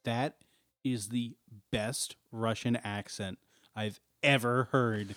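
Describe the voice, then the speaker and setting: A man co-hosting a podcast in casual chat, excitable and jokey. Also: medium pitch, takes it slowly, no echo. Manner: excitable, jokey, breaks into laughter. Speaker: podcast co-host.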